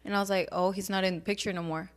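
A woman's voice: mid-range voice, steady tone, racing. A young woman chatting as a podcast guest, telling a family story, voicing her parents in Spanish and dropping to a whisper at times. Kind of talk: casual chat.

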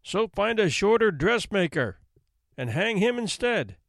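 A hot-tempered old judge bellows demands and blame in a lively, swooping voice, as a male storyteller acts him out. The sound is close and dry, with no room around it. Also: high voice, moderate pace, no echo. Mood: stern. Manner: barking, roaring commands.

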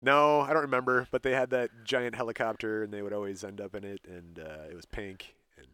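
A man co-hosting a casual chat show, telling a story with lively voiced quotes and frequent laughter. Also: lowish voice, a little fast, smooth, no echo. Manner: animated storyteller, acts out quotes, laughs often. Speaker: podcast co-host.

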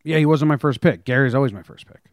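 A man's voice: mid-range voice, quick pace, dry recording, studio quality. A man co-hosting a casual sports podcast, laid-back and teasing. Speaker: podcast co-host.

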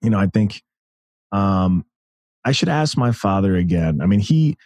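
A man's voice: low-pitched, big pitch swings, normal speed, darkish tone, no room sound. A man in his thirties from the United States, telling stories as a guest in a casual interview, enthusiastic and full of restarts. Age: 30s. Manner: storytelling, enthusiastic, many restarts. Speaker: podcast guest.

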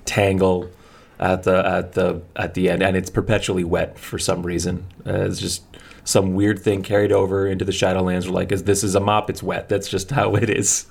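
A man playing a tabletop game, describing his item in halting talk that repeats words. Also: low voice, completely flat delivery, creaky, husky. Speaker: player.

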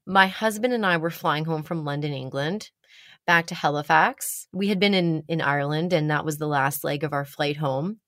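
Low-voiced woman telling a lively story. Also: dry recording, clean studio sound. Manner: animated, dramatic pauses, rising pitch when excited. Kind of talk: casual personal storytelling.

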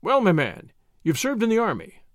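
A man's voice: wildly swooping pitch, normal speed, no room sound, clean studio sound. A man voicing a shrewd older male surgeon who questions a patient and explains his deductions. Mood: explaining. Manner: crisp, high and incisive.

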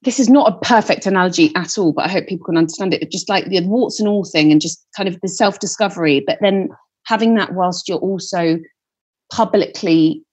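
A woman's voice: fairly low pitch, brisk, darkish tone, husky. A woman in her thirties, a singer-songwriter guest talking candidly, chatty and self-deprecating, swearing freely. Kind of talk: candid podcast conversation.

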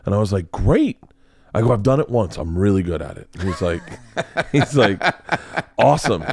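A man's voice: fairly low pitch, lively intonation, brisk, a little mellow. A man hosting a podcast, telling a rambling story in casual chat, swearing and laughing often. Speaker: podcast host and comedian.

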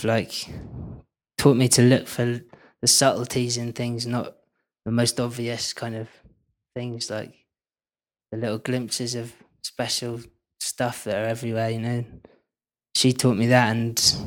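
A man's voice: medium pitch, fairly bright tone. A man telling stories on stage as a filmmaker guest at a live event, rambling loosely and laughing often.

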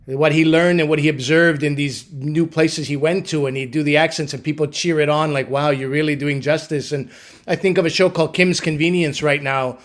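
A man's voice: a little high, fairly even intonation, brisk. A man guesting as a comedian on a podcast, building his points step by step. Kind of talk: casual panel chat.

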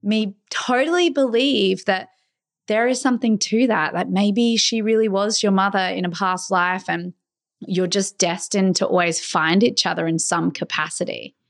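A woman's voice: mid-range voice, fairly even intonation, normal speed. A woman in casual podcast chat who reacts to stories with exclamations and gasps, then shares her own thoughts.

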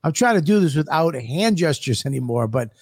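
A man's voice: a little high, lively intonation, fairly quick, husky. A man co-hosting a podcast, trading brash, profane jokes in casual banter. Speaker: podcast co-host. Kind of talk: crude comedic banter.

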